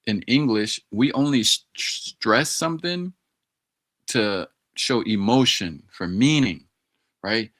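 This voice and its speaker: A man with a lowish voice talks unhurriedly on a casual live stream. He thinks out loud, repeating and sounding out words as he works through them, and addresses his viewers directly. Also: animated, a little slow. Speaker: streamer studying Arabic.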